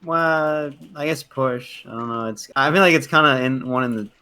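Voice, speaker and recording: A man's voice: medium pitch, normal speed, bright, forceful tone, clear, resonant tone. A man playing a tabletop game, thinking aloud in a loose, hesitant way. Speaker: player. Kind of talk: casual tabletop game chat.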